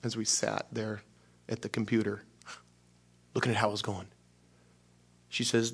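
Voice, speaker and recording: Animated, self-mocking male preacher. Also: fairly low pitch, normal speed, gravelly, long pauses, slightly rough. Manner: animated self-mocking storytelling, acting out dialogue; drops to hushed near-whispers in prayer. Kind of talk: storytelling sermon.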